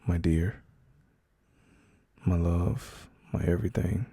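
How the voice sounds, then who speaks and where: A man speaking softly and soothingly as a caring boyfriend in a whispered role-play. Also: deep voice, fairly even intonation, gravelly, breathy edge, no echo. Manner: soft, slow, soothing reassurance.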